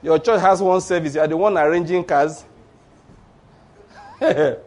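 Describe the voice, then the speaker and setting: A man preaching a sermon, animated and acting out the voices of people in his stories. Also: on the high side, measured pace. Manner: animated, acts out voices of Satan and church members.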